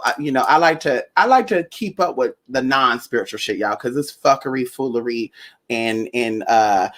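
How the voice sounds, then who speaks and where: A young woman from Northern California who tells a story to her viewers in a sassy, profane way. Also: very deep voice. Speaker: spiritual vlogger. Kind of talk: casual storytelling vlog.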